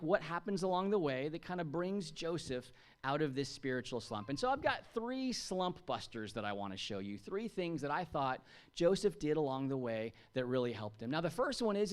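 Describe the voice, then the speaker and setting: A man's voice: fairly high pitch, sing-song, fairly quick. A man in his thirties from the United States preaching a sermon to a congregation in a chatty, jokey way, asking them questions. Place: church.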